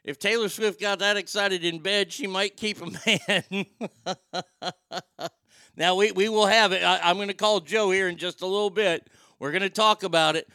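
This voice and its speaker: High bright-voiced man hosting. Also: normal speed, clean tone, no echo, clean studio sound. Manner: loose, excitable, swears freely, reads viewer comments aloud. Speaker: talk show host reading chat. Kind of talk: casual live-stream chat.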